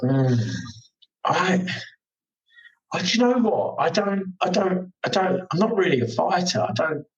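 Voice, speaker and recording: A man's voice: high-pitched, unhurried, far from the mic, muffled recording. Man telling stories, a bit off mic. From England. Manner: animated storyteller, acts out quoted exchanges. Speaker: podcast guest, motorcycle racer. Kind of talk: casual chat.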